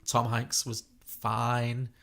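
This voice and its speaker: A man's voice: mid-range voice, completely flat delivery, drawn-out words, gravelly, fairly bright tone. A British man co-hosting a podcast, chatting about films in an opinionated way with frequent restarts. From Britain. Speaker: podcast co-host. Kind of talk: casual film review chat.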